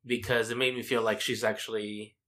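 A man's voice: on the low side, level tone, a little fast, bright, forceful tone. A man in casual conversation who asks questions, laughs often and talks in a reflective, chatty way. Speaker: conversation partner asking questions. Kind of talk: casual chat.

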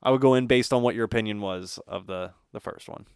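A man's voice: on the low side, fast talker, gravelly, clean tone, no room sound, clean studio sound. A man co-hosting a podcast, telling a rambling story in casual chat, swearing often and filling with "like". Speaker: podcast co-host.

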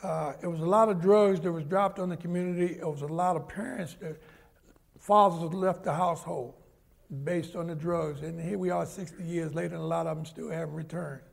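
An older New man with a high voice and a gravelly rasp, telling his life story in an interview. He is an animated storyteller who slips into the voices of the people in his stories. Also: brisk. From New York.

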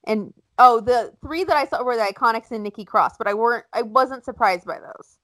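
Woman co-host, blunt n animated, slightly high voice, dry mic. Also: fairly quick, no echo, poor audio. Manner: blunt, animated, acts out quotes. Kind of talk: casual chat about wrestling.

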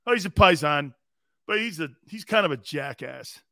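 A man hosting a football talk show in an animated, rambling storytelling manner. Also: on the high side, moderate pace, vocal fry, no echo, studio quality. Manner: loud, rambling storyteller with frequent laughs. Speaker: host.

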